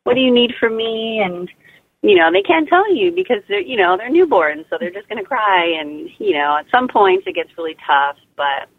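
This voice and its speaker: Woman guest, casual and warm-hearted talker, lots of fillers, heard over a tinny phone line. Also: medium pitch, very animated, normal speed, gravelly, breathy edge, dry recording. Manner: chatty, heartfelt, lots of "you know" and "like". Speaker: guest mother sharing birth story.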